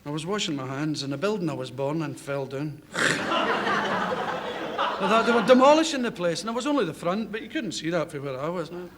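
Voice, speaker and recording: A man's voice: fairly high pitch, very animated, moderate pace. A Scottish man in his thirties with a Glasgow accent, telling stories on a chat show and laughing through them. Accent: Glaswegian Scottish. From Scotland. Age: 30s. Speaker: comedian guest. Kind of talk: anecdotal chat show storytelling. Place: television studio with audience. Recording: noisy 1970s television audio.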